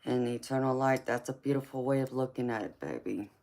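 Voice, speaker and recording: A woman's voice: very deep voice, a little hiss or hum. A woman with a Southern American accent, hosting a casual live stream and chatting with her viewers, calling them baby and honey. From California. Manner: warm terms of endearment, slow relaxed talk. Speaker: tarot reader and live stream host.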